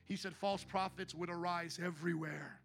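A male pastor preaching a sermon in a church, theatrical and fiery, swinging between loud calls and quiet asides. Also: high-pitched, steady tone, normal speed. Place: church sanctuary.

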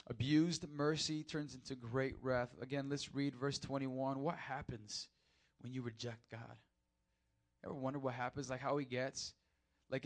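A young man preaching a casual, lively sermon in church, talking directly to the crowd and swinging between quiet asides and loud peaks. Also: medium pitch. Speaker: pastor.

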